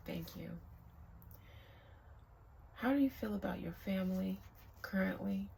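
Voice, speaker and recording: A woman doing a casual tarot reading outdoors, talking in a slow, halting way and dropping into hushed invocations. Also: mid-range voice, vocal fry, a little hiss or hum. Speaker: tarot reader.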